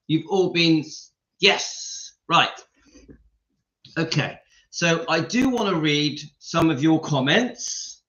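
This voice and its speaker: A man's voice: a little high, sharp tone, reverberant, highs cut off. A middle-aged man hosting a casual live stream, chatty and openly emotional as he talks straight to his viewers.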